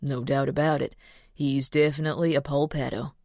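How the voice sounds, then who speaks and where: A woman's voice: rumbling low, steady tone, brisk, darkish tone, no echo, clean studio sound. A woman voicing an awkward young man who answers in a stiff, clipped, uneasy way. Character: young man, awkward, embarrassed grown son.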